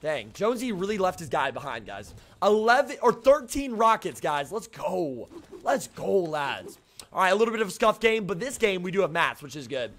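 A young man streaming a shooter game live, chatting casually with his viewers and greeting them by name, with excitable outbursts during fights. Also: sits high, moderate pace. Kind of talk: casual live-stream chat while playing.

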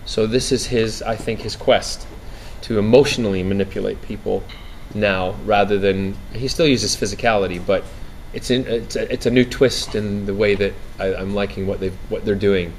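A man being interviewed on set about his acting role, animated and laughing, often restarting his sentences. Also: on the low side, moderate pace, slight background noise. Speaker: actor interviewee. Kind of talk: press junket interview. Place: outdoor TV set, press line.

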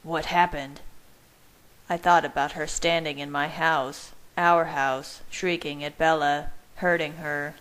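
A woman reading fan fiction aloud in a measured, even first-person narration. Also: sits low, clean tone, rough recording.

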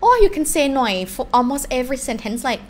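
A woman with a Thai accent, a native Thai speaker teaching a live online language lesson in an animated way. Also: high-pitched, rapid-fire, slight background noise. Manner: animated, switches between English and Thai examples.

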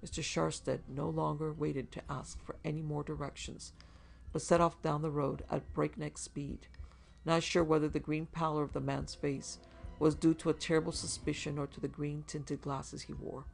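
A man narrating a macabre short story in a measured, even storytelling delivery. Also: a little high, gravelly. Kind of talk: scripted horror story narration.

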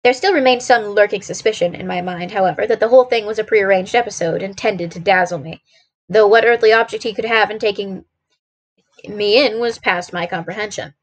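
A woman's voice: medium pitch, fairly quick. A woman streamer reading a classic detective novel aloud, narrating steadily with a few small slips.

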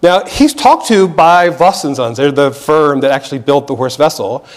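Speaking at a moderate pace in an expressive, higher-than-average voice, this American man delivers a museum history lecture in a lecture hall. His manner is earnest and explanatory, with frequent restarted phrases and check-ins with listeners.

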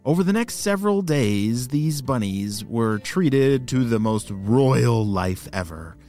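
A man's voice: medium pitch, lively intonation, slow pace, dark tone, faint music behind. A man hosting a children's story podcast, narrating in an enthusiastic, playful way.

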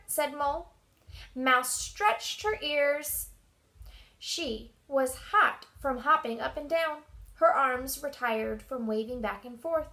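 A woman reading a children's storybook aloud with expressive, animated delivery. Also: sits high, slow pace. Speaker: storybook reader.

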